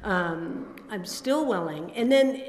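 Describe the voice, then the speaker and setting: A woman's voice: medium pitch, expressive, slow, a little mellow, a little hiss or hum. A woman in her sixties giving a rambling, self-deprecating personal recovery testimony at a meeting, full of fillers and restarts. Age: 60s. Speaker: speaker sharing at a recovery meeting. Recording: echoey hall with long reverb.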